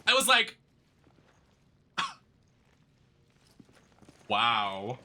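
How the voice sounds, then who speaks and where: Bright-voiced chatty male streamer. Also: mid-range voice, lively intonation, moderate pace. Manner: gossipy, chatty, swears freely. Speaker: gaming streamer. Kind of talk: casual gameplay commentary.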